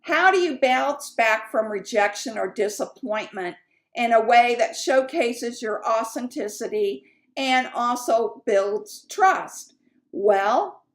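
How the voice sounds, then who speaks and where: A woman's voice: fairly high pitch, expressive, slow pace. A woman sales coach teaching in a chatty, candid way, with fillers and asides. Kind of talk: casual teaching talk.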